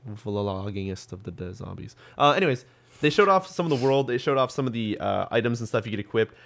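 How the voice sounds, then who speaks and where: A man's voice: medium pitch, animated, fast talker, gravelly, a bit bright. A young man hosting a podcast, chatting casually about gaming news with lots of ums and restarts. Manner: rambling, full of ums and restarts. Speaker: podcast host.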